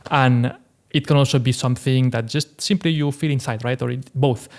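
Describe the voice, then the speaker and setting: A man's voice: mid-range voice, fairly even intonation, moderate pace, darkish tone. Guy hosting a chill explainer, mid-range voice, keeps saying "right?" and "like", chuckles a lot. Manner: chatty, fillers like "right?" and "like", laughs now and then. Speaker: host. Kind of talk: casual commentary.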